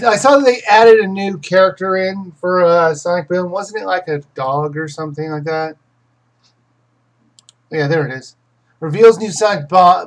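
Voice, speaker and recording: A husky-voiced game reviewer hosting a casual live question session. The voice sits at a middle pitch, and the talk rambles with frequent restarts and confident opinions on games. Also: rough recording. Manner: rambling, self-correcting, many restarts.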